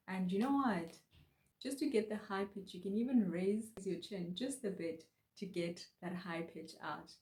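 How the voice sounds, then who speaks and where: A woman teaching a language lesson, speaking slowly and patiently and repeating each word for practice. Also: mid-range voice, darkish tone, echoey room.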